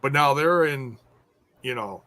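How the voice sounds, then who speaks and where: A man's voice: mid-range voice, unhurried, bright, forceful tone, no room sound. A man hosting a casual review podcast, chatty and rambling, laughing often as he talks. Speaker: podcast host. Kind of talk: casual wrestling review chat.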